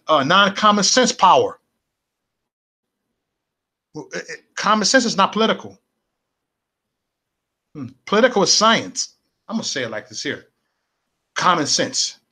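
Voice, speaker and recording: A man's voice: on the high side, sharp tone. A man hosting a casual political livestream, speaking in a repetitive, preachy, rallying way and answering viewers' comments.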